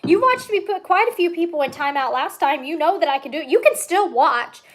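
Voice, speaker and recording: A woman's voice: high-pitched, animated, a little fast. A woman hosting her own channel, chatting and teasing while she eats, often with her mouth full. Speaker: channel host. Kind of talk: casual mukbang chat.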